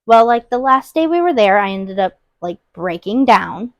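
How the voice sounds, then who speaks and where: Young woman podcast cohost, soft and open, lots of "like", dry sound. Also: medium pitch, animated, moderate pace, dry recording. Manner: open, soft-spoken storytelling with many "like" fillers. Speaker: podcast co-host. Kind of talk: casual heart-to-heart chat.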